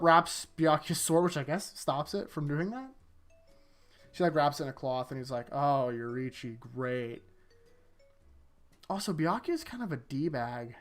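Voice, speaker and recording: A young man casually recapping anime episodes as a show host, rambling and joking, quickly acting out quoted lines. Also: a little high. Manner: loose, jokey, acts out quoted lines in quick voices.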